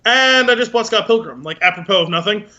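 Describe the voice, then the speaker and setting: A man co-hosting a podcast in casual chat, animated and acting out movie scenes in funny voices. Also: high-pitched, fast, lo-fi sound. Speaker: podcast co-host.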